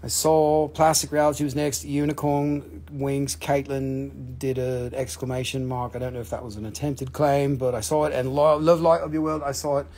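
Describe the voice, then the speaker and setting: A man's voice: mid-range voice, little pitch movement, moderate pace, hardly any pauses, a little mellow. Chatty man hosting a live crystal sale. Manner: chatty, swears casually, counts down sales. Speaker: host selling crystals on a live stream. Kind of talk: casual live sales stream.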